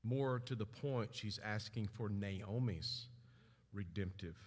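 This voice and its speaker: A middle-aged man preaching a sermon, telling stories and acting out family voices with big swings in pitch. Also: takes it slowly, breathy edge. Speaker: pastor. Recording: long hall reverb.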